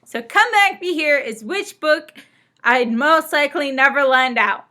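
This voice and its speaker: A woman's voice: high-pitched, unhurried, bright, forceful tone. A young woman chatting casually in a book vlog, bubbly and gushing. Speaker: book vlogger. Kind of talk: casual chat.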